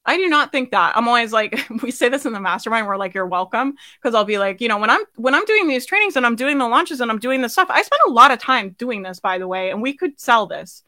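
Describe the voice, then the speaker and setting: Bright-voiced blunt woman business coach. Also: on the high side, lively intonation, fast, few pauses, no echo. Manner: blunt, swears casually, laughs often; asks the audience questions. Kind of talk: live sales training.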